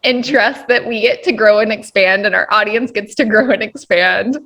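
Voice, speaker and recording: A woman's voice: medium pitch, normal speed, fairly bright tone. A woman hosting a casual podcast interview, enthusiastic and affirming, laughing often. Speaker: podcast host.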